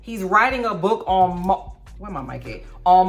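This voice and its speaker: A middle-aged woman with a New drawl talks through a TV episode in a sassy, animated way, often raising her voice for emphasis. Her voice sits on the lower side, and she records straight into her phone. Faint music plays behind her. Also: normal speed. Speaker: TV recap vlogger. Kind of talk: casual TV recap commentary.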